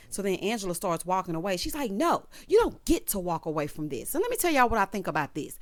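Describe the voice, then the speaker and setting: A woman casually recapping a TV episode, sassy and animated, acting out the characters' lines. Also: medium pitch, fast, few pauses, no room sound. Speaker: recap vlogger.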